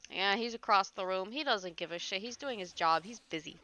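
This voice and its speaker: A woman's voice: mid-range voice, a little fast, few pauses, sharp tone, dull audio. A woman streaming a video game, chatting casually and joking at her own expense, with the odd swear.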